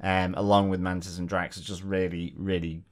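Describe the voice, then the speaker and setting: A man with a somewhat low voice co-hosts a relaxed podcast. He retells favorite movie moments with eager, chatty energy. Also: fairly quick. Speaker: podcast co-host. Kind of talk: casual chat reviewing a film.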